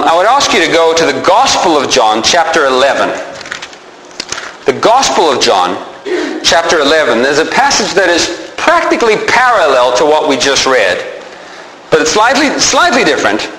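A man's voice: fairly high pitch, sharp tone. Man preaching in an echoey hall. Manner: asks rhetorical questions, then answers them. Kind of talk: sermon teaching. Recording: echoey hall with faint background noise.

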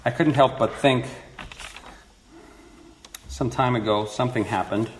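A man's voice: mid-range voice, a little slow. Earnest male preacher in an echoey room. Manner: earnest expository preaching with rising emphasis. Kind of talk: sermon. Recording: echoey room with faint noise.

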